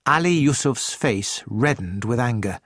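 A man reading an audiobook in a measured, deliberate storytelling manner. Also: mid-range voice, animated, fairly bright tone, dry recording, studio quality. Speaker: audiobook narrator. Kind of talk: scripted narration.

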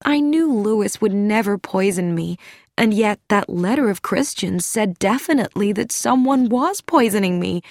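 A woman reading an audiobook, voicing a gentle, humble elderly woman who speaks softly and earnestly. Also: mid-range voice, expressive, normal speed, no echo, studio quality, natural voice. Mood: earnest wistful.

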